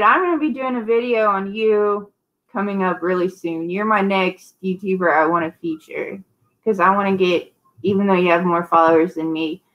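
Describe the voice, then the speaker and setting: A woman's voice: mid-range voice, fairly bright tone, a little hiss or hum, poor audio. A woman hosting a casual live-stream sale, chatty and rambling, greeting viewers by name. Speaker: host of a live online sale.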